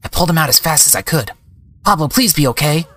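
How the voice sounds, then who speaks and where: A man voicing a squeaky bunny girl sidekick. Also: animated, fast talker, fairly bright tone. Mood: caring. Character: helpful young female bunny sidekick. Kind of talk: reading game dialogue aloud.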